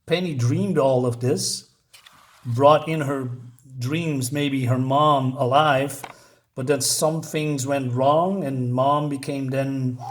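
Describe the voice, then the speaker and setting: A man with a slightly higher voice talks his way through a comic book issue in a loose, casual manner. He stumbles and restarts often and reads the characters' lines in a flat voice. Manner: loose and rambling, many fillers and restarts. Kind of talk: casual review, retelling a comic.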